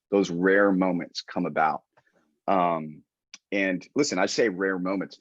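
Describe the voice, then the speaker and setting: A man co-hosting a podcast, telling stories in a jokey, drawn-out way in casual chat. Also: low voice, steady tone, no room sound, highs cut off. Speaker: podcast co-host, gym staff.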